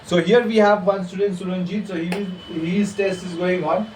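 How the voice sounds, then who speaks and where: A man's voice: high voice, fairly even intonation, normal speed. A man who is a spoken English trainer, introducing a class video in an upbeat manner and addressing viewers directly. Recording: echoey room, far from mic, faint hiss.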